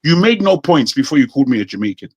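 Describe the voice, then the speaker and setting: A man with a British accent, a guest in a heated panel debate, speaking forcefully and indignantly with repeated phrases. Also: medium pitch, big pitch swings, fast, slightly rough, no echo. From Nigeria.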